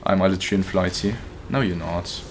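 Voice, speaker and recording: A young man commentating his own gameplay live, excitable and profane, talking to his chat as he plays. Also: low voice, normal speed, slight background noise. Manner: excitable, profane, talks to chat while playing. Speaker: streamer.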